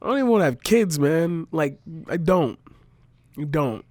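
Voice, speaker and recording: A man's voice: fairly high pitch, animated, normal speed, darkish tone, no echo. Exasperated young man ranting. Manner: exasperated, profane, sarcastic. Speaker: vlogger. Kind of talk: frustrated opinion rant to camera.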